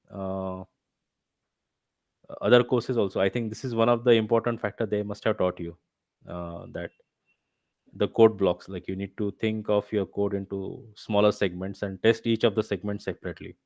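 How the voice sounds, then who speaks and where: A man's voice: fairly low pitch, no echo. A man teaching a live online revision session, explaining step by step and checking with his students as he goes. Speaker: instructor. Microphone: video call.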